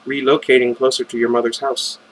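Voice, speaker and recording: Storybook role: a brisk, protective young man giving updates, read out by a male narrator. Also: mid-range voice, little pitch movement, breathy edge, natural voice, low-quality recording. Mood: matter-of-fact.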